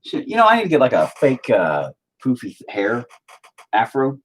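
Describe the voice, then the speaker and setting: A man's voice: mid-range voice, wildly swooping pitch, normal speed. A man chatting casually while he paints, rambling and joking with frequent swearing. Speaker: painting streamer.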